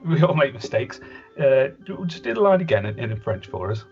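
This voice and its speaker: A man's voice: mid-range voice, big pitch swings, a little fast, darkish tone. A man hosting a podcast, rambling through a comedy sketch as a fumbling voice director, with lots of restarts. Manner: rambling, hesitant, with many restarts. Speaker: podcast host. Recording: dull lo-fi podcast audio with faint music.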